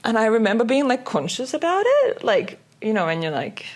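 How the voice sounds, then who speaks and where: A woman's voice: a little high, wildly swooping pitch, brisk. A young adult woman in casual podcast chat, talking in a chatty way full of "like" fillers. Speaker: podcast co-host.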